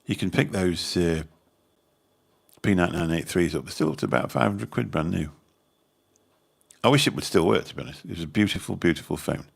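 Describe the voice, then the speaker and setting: Low, husky, and creaky, this man's voice is animated and fairly quick, broken up by long pauses. He's a Birmingham channel host chatting casually with livestream viewers, rambling along and swearing mildly.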